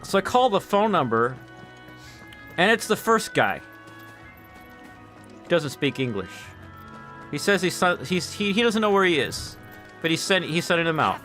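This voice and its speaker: A man streaming a game while telling a long, rambling story in casual chat, with quick asides to his viewers. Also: sits high, big pitch swings, sharp tone. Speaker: gaming streamer. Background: faint game music.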